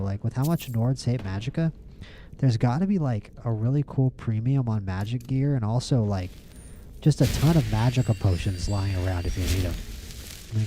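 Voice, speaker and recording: Offering loose let's-play commentary on his gameplay, this streamer rambles playfully and repeats words in bursts. His voice is fairly low and warm, with a little hiss or hum in the recording.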